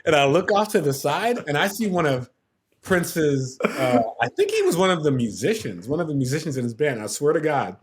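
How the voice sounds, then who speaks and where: A man's voice: a little high, very animated, a little fast. A TV producer on a podcast as a guest, telling a story animatedly, acting out the quotes and laughing as he goes.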